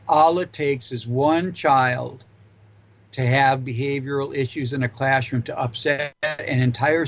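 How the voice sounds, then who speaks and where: A man at a middle pitch hosts a radio talk show and lectures earnestly on school discipline. His pace is measured and he leans on anecdotes. The sound is dull and lo-fi. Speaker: radio show host, former school administrator.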